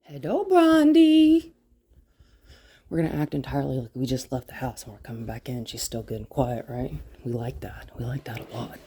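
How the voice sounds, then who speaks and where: A woman's voice: a bass voice, fast, few pauses, slightly rough. A woman dog trainer giving a demonstration indoors, explaining step by step and often checking in with "right?". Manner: drops to a soft whisper to calm the dog. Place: indoors in a house.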